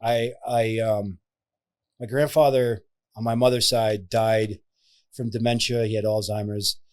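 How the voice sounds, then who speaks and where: A man with a somewhat low voice hosts a casual podcast. He chats easily and affirms his guest in a relaxed, friendly way. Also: a little slow, clean tone. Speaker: podcast host.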